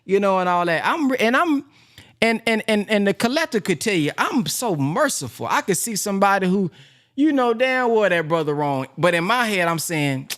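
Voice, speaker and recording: A man who is a minister and business teacher gives a casual, heartfelt talk in a plain-spoken, animated way. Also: high voice, normal speed. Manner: animated, plain-spoken, acts out quoted voices.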